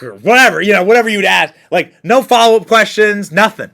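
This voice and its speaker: A male commentator runs a reaction show and mocks each clip, laughing as he goes. His voice sits fairly high and sounds bright. His pitch swings widely from line to line. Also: normal speed, creaky. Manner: mocking, animated, laughs often. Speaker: political commentary host.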